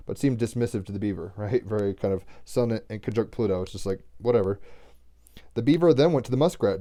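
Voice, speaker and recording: A man's voice: on the low side, fast talker, dark tone. A man giving a casual daily card reading, reading aloud from a text and breaking in with chatty astrology asides. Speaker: oracle card reader.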